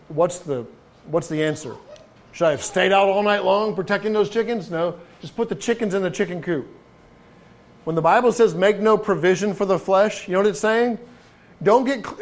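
A man with a high-pitched voice preaches a sermon from the pulpit. He talks to the congregation in a loose, conversational way, tossing them rhetorical questions. His phrases often stumble and restart before he finds the words. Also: fairly quick. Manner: frequent restarts and repeated words. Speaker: pastor.

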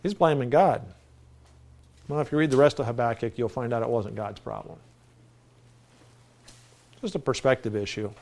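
A man's voice: mid-range voice, moderate pace, long pauses, a little mellow. A middle-aged male pastor preaching a folksy, conversational sermon with self-deprecating asides.

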